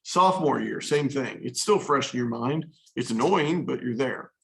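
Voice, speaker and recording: A man's voice: mid-range voice, moderate pace, creaky, poor audio. A man teaching a history class in a casual, storytelling way, talking straight to his students. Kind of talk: classroom lecture.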